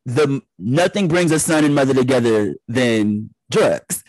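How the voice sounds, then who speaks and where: A young man from the Detroit area chatting as a podcast guest, telling animated stories. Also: medium pitch, measured pace, no room sound, low-quality recording. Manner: animated storyteller, acts out family voices. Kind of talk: casual chat.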